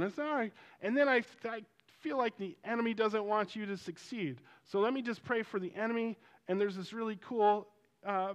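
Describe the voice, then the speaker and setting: A man, a pastor, telling a story in a sermon, animated and rising toward near shouting at its emotional peaks. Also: high-pitched.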